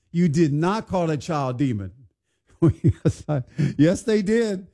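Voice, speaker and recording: A man's voice: fairly high pitch, lively intonation, slow, warm tone. A man hosting a morning radio show, chatting casually and wondering aloud in a bemused, conversational way. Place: radio studio.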